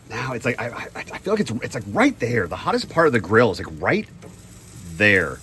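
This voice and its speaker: A man's voice: mid-range voice, wildly swooping pitch, brisk, fairly bright tone, slight background noise. A man in a casual cooking vlog, chatty and self-deprecating, thinking aloud as he grills outdoors. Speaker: home cook.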